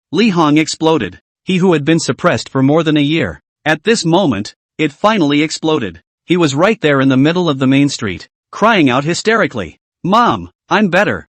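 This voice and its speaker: A man's voice: fairly high pitch, no room sound. A man narrating a manhwa recap, reading all the dialogue himself in one voice.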